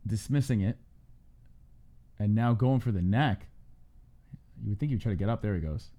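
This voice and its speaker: A man hosting a live fight reaction stream, calling the action play-by-play with casual swearing and shouting when a fight ends. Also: on the low side, normal speed, muffled recording. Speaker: host.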